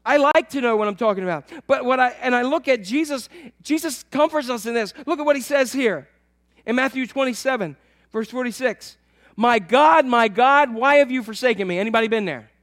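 A man preaching a sermon to his church, swinging between loud emphatic lines and soft, low asides. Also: fairly quick. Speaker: pastor.

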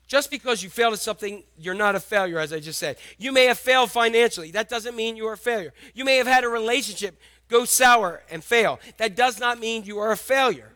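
A man preaching a sermon, animated and emphatic, repeating his key lines. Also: high-pitched. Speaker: pastor.

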